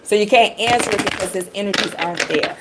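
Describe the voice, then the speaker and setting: A woman's voice: mid-range voice, fast talker, heavy background noise. A middle-aged woman from the Detroit area giving a live tarot reading, chatting and rambling straight to her viewers. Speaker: tarot reader.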